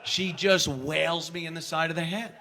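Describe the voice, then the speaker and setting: A man's voice: fairly high pitch, steady tone, moderate pace, sharp tone, a faint crowd. A man giving a speech, telling an anecdote with lots of restarts and quoting people in an acted-out voice. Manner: storytelling, acting out quotes with raised voice; frequent restarts and stammers. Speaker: conference speaker.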